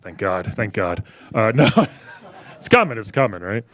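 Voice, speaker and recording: A man's voice: fairly low pitch, lively intonation, moderate pace, a bit bright. A man in his forties from New York doing a stand-up set, wry and conversational, riffing with the crowd. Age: 40s. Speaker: stand-up comedian. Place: comedy club stage with a live audience.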